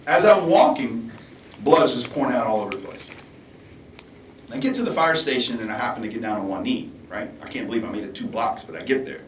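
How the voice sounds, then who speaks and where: Male speaker, animated storyteller, heard from afar in a reverberant lecture hall, lo-fi. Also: mid-range voice, a little fast, a little hiss or hum. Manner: animated, acts out voices. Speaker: motivational speaker. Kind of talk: motivational storytelling speech. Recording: echoey, distant, dull hall recording.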